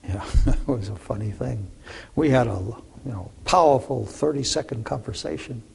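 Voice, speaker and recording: A man's voice: mid-range voice, expressive, normal speed, darkish tone. An older man, a physicist guest in an interview, recounting memories with many fillers and restarts. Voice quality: gravelly, raspy voice. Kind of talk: interview storytelling.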